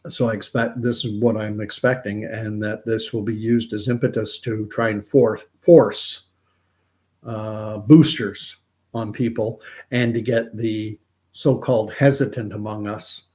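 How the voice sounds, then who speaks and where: A Canadian man hosts a commentary livestream, his low-side voice warm, steady, and measured in pace. He talks in a rambling, conversational way, answering viewers as part of his casual commentary.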